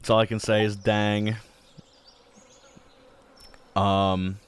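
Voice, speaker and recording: Rambling man with a lowish voice. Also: flat delivery, drawn-out words, clean tone. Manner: rambling, heavy filler words. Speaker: gaming channel host. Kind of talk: casual let's-play commentary.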